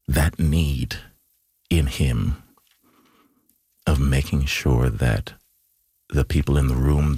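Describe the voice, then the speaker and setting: A man's voice: rumbling low, a little mellow, breathy edge, no echo. A man, an actor, talking thoughtfully in a radio studio interview, often restarting and reciting lines with feeling. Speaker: actor, guest.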